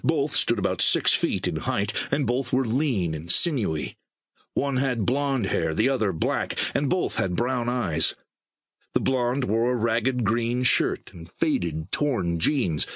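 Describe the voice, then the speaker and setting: Low, husky male storyteller. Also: a bit bright, dry recording, studio quality. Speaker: audiobook narrator. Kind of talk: scripted narration.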